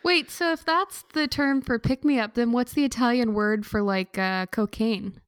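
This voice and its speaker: A woman co-hosting a podcast, teasing and playful in casual conversation. Her voice sits a little high. The sound is dry, with no room reverb. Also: moderate pace, smooth. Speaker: podcast co-host. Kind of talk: casual chat.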